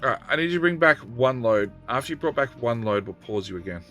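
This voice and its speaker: Casual streamer, middle-aged male, bright forward tone, faint background music, talks to units and chat. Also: mid-range voice, expressive, fast talker. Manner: talks to in-game units, banters loosely with chat. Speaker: game streamer. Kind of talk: live gameplay stream, chatting with viewers.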